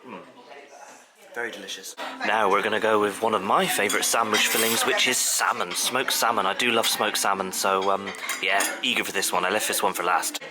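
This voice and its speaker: A man's voice: lowish voice, steady tone, fairly quick, a loud crowd. A man vlogging over afternoon tea in a hotel dining room, chatting and rambling enthusiastically about the food. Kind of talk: casual chat reviewing food.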